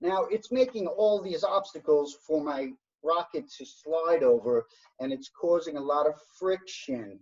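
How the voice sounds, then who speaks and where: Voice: mid-range voice, a little slow, darkish tone. Encouraging instructor on a video call. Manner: encouraging, explains step by step. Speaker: workshop instructor. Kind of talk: online science workshop teaching. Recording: dull lo-fi video call audio.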